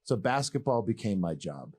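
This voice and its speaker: A man's voice: on the low side, normal speed, slight background noise. A man in his thirties from Massachusetts, a former pro basketball player telling his story as a guest in a casual, candid, joking way. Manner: animated, rambling, joking, candid.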